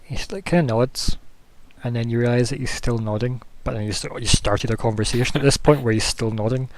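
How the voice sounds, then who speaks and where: A man's voice: mid-range voice, brisk, no room sound. A man narrating as game master, describing scenes loosely with many fillers.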